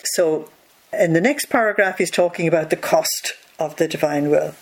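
A teacher reading a devotional text aloud, slowing down on key phrases and stopping to explain them with rhetorical questions. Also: mid-range voice. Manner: reads passages slowly, then explains with rhetorical asides.

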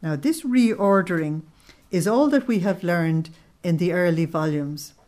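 A woman's voice: lowish voice, measured pace, darkish tone. A woman leading a spiritual study group. She reads passages aloud, stops to explain them, and asks her listeners tag questions. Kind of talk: religious teaching with read-aloud passages.

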